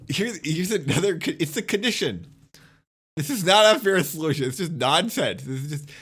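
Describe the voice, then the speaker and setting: A man's voice: a little high, expressive, normal speed, pauses often, fairly bright tone, husky. A young man ranting casually as a streamer, exasperated and swearing as he rebuts a critic point by point.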